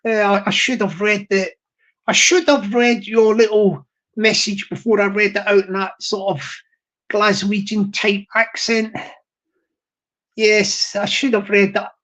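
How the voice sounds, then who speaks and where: A woman's voice: mid-range voice, little pitch movement, a little slow, fairly bright tone. A woman hosting a casual live stream, chatting in a rambling way and laughing often while reading the chat. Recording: dull lo-fi stream audio.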